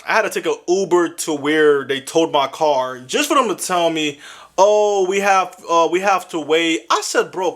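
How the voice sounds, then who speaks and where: A man's voice: on the high side, a bit bright. A young man telling a comedic story with lots of slang, sounding exasperated. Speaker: animated storyteller.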